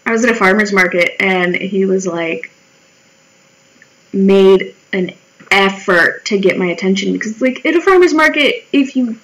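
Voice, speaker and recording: A woman vlogger in her 20s chats wryly as she draws, storytelling casually, cursing freely and voicing her own remarks as quotes. Her pitch is medium, and the recording is rough.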